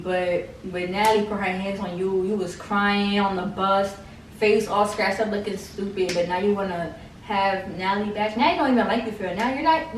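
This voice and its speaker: Chatty woman recapping in an echoey room. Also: mid-range voice. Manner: slangy, chatty, fillers of "like", mocking asides. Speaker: reality TV recap host. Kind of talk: casual recap chat. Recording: echoey room, distant mic, faint noise.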